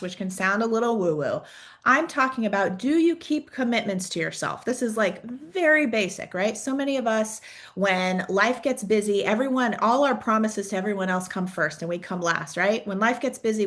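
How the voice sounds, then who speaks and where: A woman career coach with a mid-range, fairly bright voice gives an encouraging, conversational talk. She poses reflective questions and keeps tacking "right?" onto her sentences.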